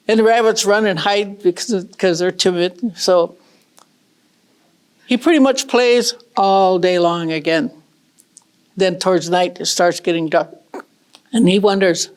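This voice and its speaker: A middle-aged woman from northern Michigan telling a traditional story in a folksy, unhurried way, with casual asides to her listeners. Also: mid-range voice, smooth.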